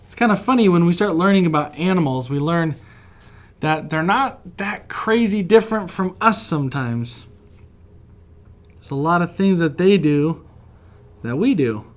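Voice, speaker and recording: A kids' art teacher from West Virginia sketches during his lesson, speaking in a slightly high voice with lively intonation. His pace is measured, with long pauses, and he stays friendly, talkative, encouraging and quick to laugh.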